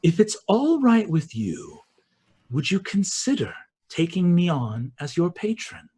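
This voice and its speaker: A man voicing a towering, wistful fae queen of dusk in a tabletop game, speaking softly and with measured formality. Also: sits high, big pitch swings, husky, full character voice. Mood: playful. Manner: soft, measured, stately.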